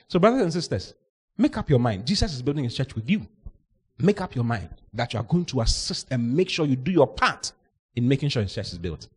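A man, a pastor preaching a sermon, telling stories with lively mimicry of voices and frequent laughter. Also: mid-range voice. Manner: animated storytelling, mimics voices, laughs often.

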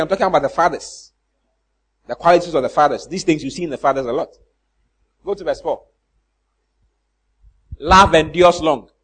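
A man's voice: fairly high pitch, breathy edge. A man preaching a sermon, asking the congregation questions and mimicking church members for laughs. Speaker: pastor.

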